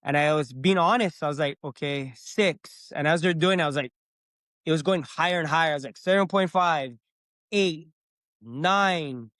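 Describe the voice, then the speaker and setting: Man, middle-aged, podcast guest, animated storytelling, slightly high voice, dry close sound. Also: brisk, no echo. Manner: animated, acts out his own past words. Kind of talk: casual storytelling.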